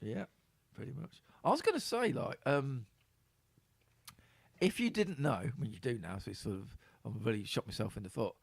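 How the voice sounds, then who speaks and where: Chatty East Midlands man, lively voice. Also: mid-range voice, moderate pace, gravelly, husky, no echo. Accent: East Midlands English. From Middle England. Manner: chatty, laughs often, swears casually. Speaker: podcast host. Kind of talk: casual chat.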